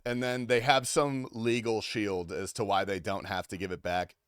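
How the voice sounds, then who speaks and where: A man's voice: on the low side, level tone, moderate pace, smooth, no echo, studio quality. A man streaming a game, chatting casually with his viewers in a crude, offhand way and swearing freely. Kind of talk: casual livestream chat.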